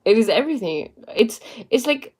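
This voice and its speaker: A woman's voice: a little high, very animated, normal speed, a little mellow, husky. A young woman casually giving spiritual and motivational talk to live viewers, chatty and full of fillers. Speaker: livestream host.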